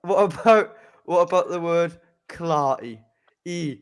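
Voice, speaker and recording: A man's voice: on the high side, animated, slow pace, clear, resonant tone. A man with a Geordie accent, co-hosting a casual live stream chat and teasing his friends. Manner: playful, teasing. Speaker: co-host.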